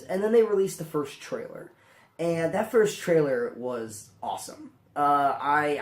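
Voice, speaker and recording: A man hosting a casual movie review vlog, hoarse from a cold, rambling with lots of ums and restarts. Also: medium pitch, echoey room.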